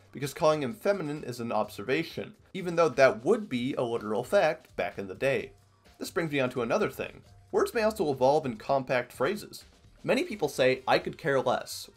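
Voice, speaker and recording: A man from Iowa, narrating an educational video in a casual, joking way. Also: mid-range voice. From Iowa, US Midwest. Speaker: video essay host. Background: faint background music.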